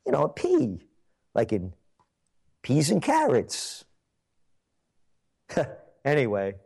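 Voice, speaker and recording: A man hosting a talk radio show, delivering an angry, mocking rant with sarcastic jabs and bursts of shouting. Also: fairly high pitch, huge pitch swings, slow pace, gravelly, slightly rough.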